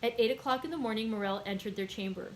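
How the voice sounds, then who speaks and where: A woman librarian reads a classic novel aloud in a clear, measured storytelling voice. Her voice sits a little higher than most. Faint noise hums underneath the recording. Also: rough recording. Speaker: librarian hosting a daily read-aloud.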